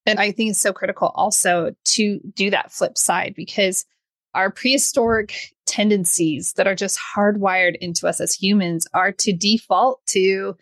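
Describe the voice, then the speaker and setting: A woman's voice: mid-range voice, fairly even intonation, normal speed, a bit bright, no echo. A woman hosting a podcast, explaining her thoughts in an earnest, reflective way. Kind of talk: reflective casual conversation.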